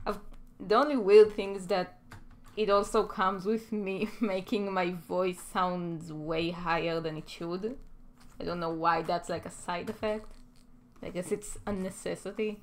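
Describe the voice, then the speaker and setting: A woman's voice: on the low side, fairly even intonation, a little slow, a little hiss or hum. A young adult woman with an Israeli accent, chatting casually and rambling a bit while she works on an animation stream. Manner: rambling, self-deprecating, chatty. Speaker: animation livestreamer. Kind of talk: casual chat while working.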